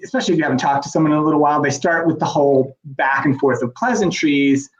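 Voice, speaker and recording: A man's voice: on the high side, quick pace. Chatty middle-aged American man, lo-fi. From southern United States. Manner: chatty, rambling, self-deprecating. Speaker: podcast co-host. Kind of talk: casual chat.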